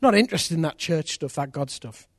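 Speaking a little fast in a voice on the high side, a man preaches with animation, telling conversion stories and playing the people in them. His phrases recur, and the studio-quality recording is dry.

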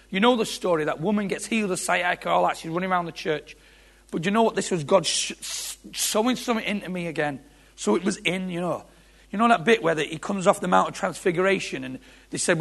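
Gravelly preacher man. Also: sits high, fairly quick. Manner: impassioned, repetitive, rising to shouts. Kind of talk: sermon.

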